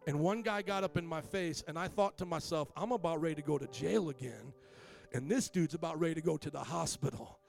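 A man's voice: a little high, brisk, gravelly, soft background music. A man preaching as a pastor, telling a personal story and acting out what others said in changing voices. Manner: animated, acts out quotes with shifting voice. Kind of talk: sermon storytelling.

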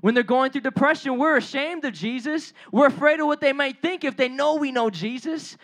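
High-voiced preacher telling a Bible story in slang. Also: a little fast, few pauses, fairly bright tone. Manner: slangy, storytelling, acts out the biblical characters' lines in dialogue; asks the audience questions and addresses them directly. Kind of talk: casual conversational sermon.

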